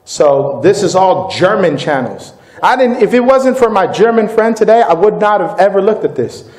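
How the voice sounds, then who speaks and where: A man, a company CEO, giving a live product demo and sales pitch to a room of distributors, upbeat and informal, often calling them "guys.". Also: lively intonation, moderate pace, darkish tone, echoey room. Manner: upbeat, informal, keeps addressing the crowd as "guys". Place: meeting room with live audience.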